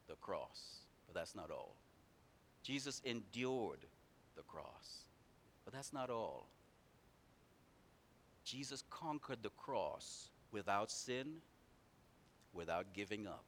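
Preaching a sermon, this man alternates loud, emphatic stretches with hushed asides, falling into a repetitive cadence. There is slight background noise.

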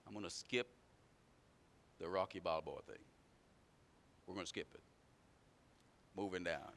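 A man preaching a sermon, swinging from loud emphatic runs to low quiet asides in a repetitive preaching cadence. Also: unhurried, vocal fry, a little hiss or hum.

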